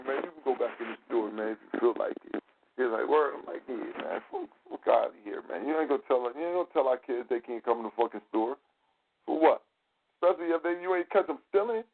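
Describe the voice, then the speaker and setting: Animated storyteller, male, slightly high voice, phone-quality audio with light hiss. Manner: animated, profane, acts out quotes in a raised voice. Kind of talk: casual storytelling talk. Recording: phone-like line with faint noise.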